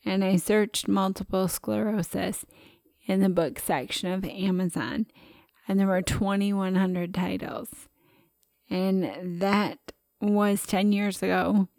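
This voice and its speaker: A woman co-hosting a casual talk show, speaking in a chatty, expressive way and laughing often. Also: medium pitch, slow, gravelly, no room sound, studio quality. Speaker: podcast co-host. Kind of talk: casual conversation.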